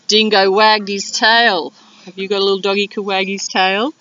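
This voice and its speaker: A woman teacher reading a picture book aloud to young children in an animated, drawn-out way. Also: mid-range voice, distant mic, a little hiss or hum. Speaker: primary school teacher. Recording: dull lo-fi video sound.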